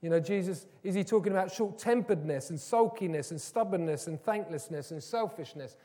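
A man's voice: high-pitched, animated, brisk, mellow. A man preaching a sermon, earnest and building to emphatic, repeated phrases. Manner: earnest, rising to emphatic repetition.

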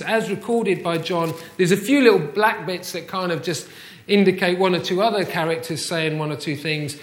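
In a reverberant church, a male pastor with a slightly high voice gives a conversational sermon. He often poses rhetorical questions to the congregation.

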